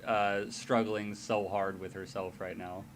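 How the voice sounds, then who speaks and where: A man narrating as game master in a tabletop game, slow and expressive. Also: fairly low pitch, a little hiss or hum.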